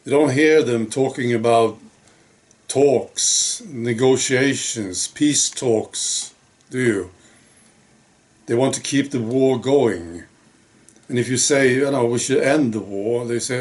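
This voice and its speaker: A man talks at an unhurried, deliberate pace in a casual monologue to camera. He sounds wry and exasperated, and he keeps checking in with rhetorical questions. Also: mid-range voice, a little mellow. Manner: rhetorical, frequently asking "right?". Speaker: video blogger.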